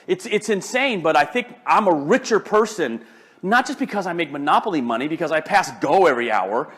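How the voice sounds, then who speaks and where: Older male motivational speaker, high-pitched, animated and joking, with frequent restarts. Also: brisk, slightly rough. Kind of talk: live motivational talk.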